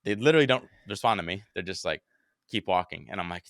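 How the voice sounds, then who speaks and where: Bright, dry-voiced young man telling a story. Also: on the low side, racing, no echo. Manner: animated, swears often, acts out his own panicked quotes. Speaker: podcast host telling a story. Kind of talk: casual storytelling chat.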